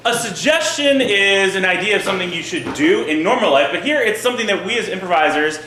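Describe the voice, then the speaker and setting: A man's voice: high voice, animated, fast talker, sharp tone, slight background noise. A man performing in a live improv comedy show, playful and leading the crowd through suggestions. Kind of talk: live stage banter. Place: theatre stage. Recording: echoey theatre room.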